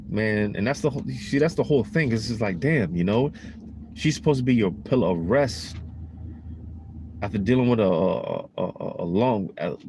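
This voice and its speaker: A man's voice: medium pitch, a little mellow, slight background noise. A man giving a casual preaching monologue in a rambling, emphatic, slangy way, full of "you know" and "man.".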